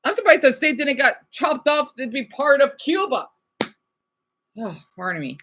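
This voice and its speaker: A woman livestreaming, reacting to videos and chat, swinging between furious rants and quiet apologies. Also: high-pitched, lively intonation, moderate pace, slight background noise.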